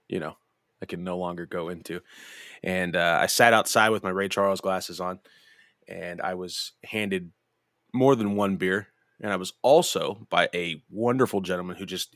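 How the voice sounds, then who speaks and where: A man's voice: low voice, fairly bright tone, no room sound, clean studio sound. A young man hosting a podcast, telling a rambling, profane story with lots of laughter and restarts. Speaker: podcast host. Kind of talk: casual storytelling chat.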